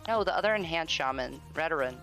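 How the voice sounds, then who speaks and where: A woman's voice: deep voice, expressive, fast, fairly bright tone, soft background music. A woman in gaming voice chat, sassy and teasing.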